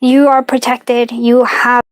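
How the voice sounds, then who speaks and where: A woman with a slightly high voice leads a live-stream card reading. She talks in a warm, chatty and reassuring way, full of fillers and small laughs. Now and then she drifts away from her device mic. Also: flat delivery, slow pace. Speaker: tarot and charm reader.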